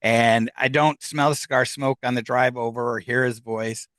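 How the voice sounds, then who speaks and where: A man's voice: mid-range voice, fairly even intonation, normal speed, a bit bright, dry recording. A middle-aged man telling a personal story as a podcast guest, candid and rambling, with lots of "uh" and "um.". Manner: candid, rambling, full of fillers.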